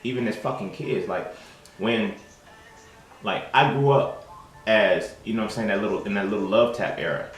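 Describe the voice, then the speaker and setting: A man's voice: on the low side, moderate pace, long pauses, faint music behind. A young man hosting his own show, talking in a casual monologue full of slang, swearing and fillers. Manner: profane, streetwise slang, frequent fillers. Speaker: host. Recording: roomy echo.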